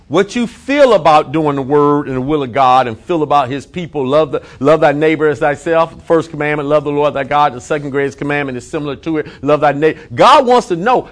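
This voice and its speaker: A male pastor preaching a sermon, emphatic, repeating phrases and drawing out key words slowly. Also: on the high side, lively intonation.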